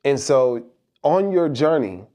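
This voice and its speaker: A middle-aged man speaks in an emphatic, rhetorical way, driving home his points with repeated phrases. His voice is dark and mellow, sitting at an ordinary middle pitch. He talks like a motivational speaker addressing his viewers directly. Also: big pitch swings, slow pace. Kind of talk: motivational monologue.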